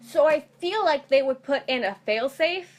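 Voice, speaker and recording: A young woman chatting casually about a movie trailer, talking in excited tangents full of "like". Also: sits high, normal speed. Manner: chatty, lots of "like", animated tangents. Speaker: movie fan co-host. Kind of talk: casual chat.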